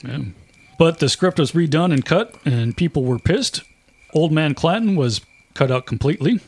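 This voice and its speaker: A man hosting a casual podcast, relaxed and wry, retelling stories and mimicking the people in them. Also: on the high side, normal speed, husky. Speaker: podcast host. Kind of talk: casual storytelling chat.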